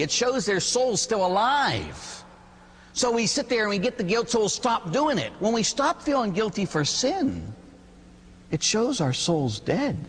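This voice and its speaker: A Catholic priest giving an animated sermon, telling stories and asking rhetorical questions. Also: male voice, high voice, husky, in a large hall.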